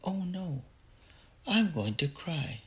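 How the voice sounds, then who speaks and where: A man's voice: fairly high pitch, big pitch swings, measured pace, gravelly, pitched above the performer's own voice, exaggerated voice. A man voicing a wry, cynical young girl who speaks dryly and matter-of-factly. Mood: hushed.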